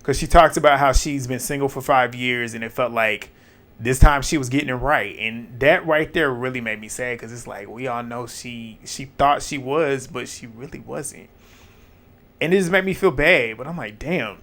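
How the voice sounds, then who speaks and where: A man recapping a reality show episode in casual, animated, profane talk, laughing and acting out his own reactions. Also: medium pitch, moderate pace.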